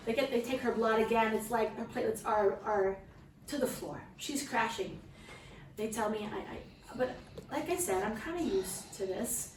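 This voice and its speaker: Woman, mid-pitched, halting heartfelt storyteller, miked from afar in a reverberant room. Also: background noise. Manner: heartfelt, halting, restarts often, prays aloud. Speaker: mother sharing a testimony at a gathering. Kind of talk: emotional personal storytelling to a small audience. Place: room with guests present. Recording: distant mic in an echoey room with faint ambience.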